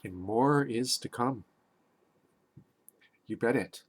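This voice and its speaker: Guy putting on a low solemn voice, all hushed and slow. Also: breathy edge. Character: man doing a low, solemn, dramatic voice.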